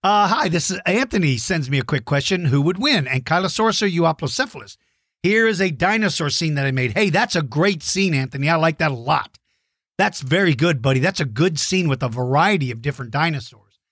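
Lively enthusiastic man hosting a kids' show. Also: a little high, brisk, no echo, clean studio sound. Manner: enthusiastic, encouraging, explains simply. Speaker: host answering kids' dinosaur questions. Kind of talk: friendly kids' show chat.

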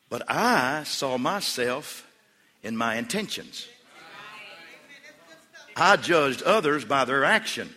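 A man preaching a sermon as pastor, moving between hushed storytelling and loud, emphatic calls to the congregation. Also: mid-range voice, big pitch swings, takes it slowly, pauses often. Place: church sanctuary. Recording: long hall reverb.

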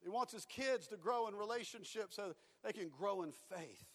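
A man's voice: high-pitched, animated, normal speed, fairly bright tone, big-room sound. A man preaching a sermon as pastor, emphatic and repetitive, moving into storytelling. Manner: emphatic preaching with repeated phrases, dropping to storytelling.

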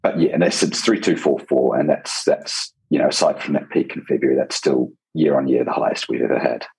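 A man with a croaky, hoarse voice answering interview questions hesitantly, repeating words as he goes. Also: a bass voice, fairly quick, darkish tone, poor audio. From New Zealand. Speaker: veterinary council lawyer guest.

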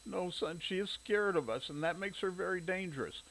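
A man's voice: high-pitched, normal speed, gravelly, a bit bright, voice pushed up, rough recording. A man voicing a sick, worried mother who fights back coughing fits in a storybook reading.

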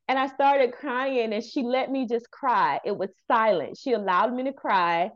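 A woman's voice: a little high, measured pace, highs cut off. Earnest woman telling a personal story. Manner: earnest, animated storyteller acting out quoted dialogue. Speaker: guest, youth center founder and licensed therapist. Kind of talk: interview storytelling.

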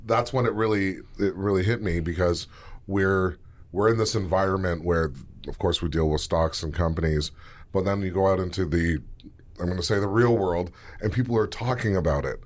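Male host, studio interview, very deep voice, enthusiastic anecdote-teller. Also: normal speed. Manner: chatty, enthusiastic storyteller. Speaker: interview host from a stock exchange.

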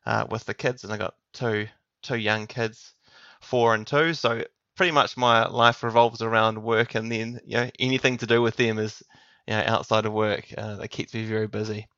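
Male guest, 30s, New Zealand accent, bright edgy tone, little pitch movement, dry muffled audio. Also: little pitch movement, normal speed, no echo. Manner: friendly, laughs easily. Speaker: podcast guest. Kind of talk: casual interview chat. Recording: dull, dry lo-fi sound.

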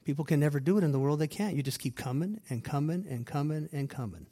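Here a man with a fairly high voice preaches fast, reading passages of scripture and expounding on them. As a pastor, he hammers home repeated phrases, mixing loud emphasis with quiet side remarks.

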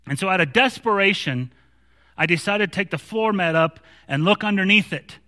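Pastor guy preaching, kinda high voice, tells stories and gets worked up, restarts a lot. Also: normal speed, bright, forceful tone, in a large hall. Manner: storytelling with growing animation, many restarts. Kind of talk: sermon.

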